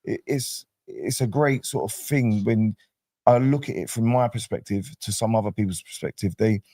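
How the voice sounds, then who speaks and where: A man's voice: lowish voice, normal speed, dry recording. A man from Brixton with a South London accent, telling stories in a casual interview. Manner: chatty storyteller, relaxed street slang. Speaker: guest, docuseries cast member.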